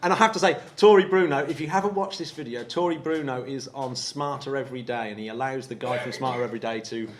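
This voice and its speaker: English man hosting a live show, mid-pitched, chatty and upbeat. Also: fast talker, hardly any pauses, a little hiss or hum. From England. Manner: chatty, laughing, enthusiastic. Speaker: podcast host. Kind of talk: live podcast banter on stage.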